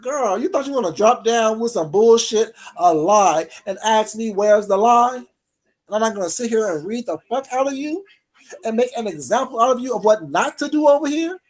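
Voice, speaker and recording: A woman hosting a livestream, ranting at her chat in a profane, confrontational way that swings between loud and quiet. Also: on the high side, expressive, normal speed. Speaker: livestream host. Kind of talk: heated livestream rant to chat.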